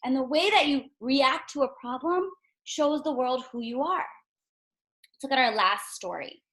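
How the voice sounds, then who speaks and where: A woman teaching a reading lesson to young children in a gentle way. She asks questions and often checks in with them. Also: sits high, lively intonation, moderate pace.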